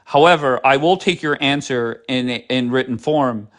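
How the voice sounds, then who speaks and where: A man's voice: medium pitch, moderate pace, fairly bright tone. A man hosting a live stream, talking bluntly and sarcastically with a lot of swearing. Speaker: livestream host. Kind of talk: casual live-stream chat.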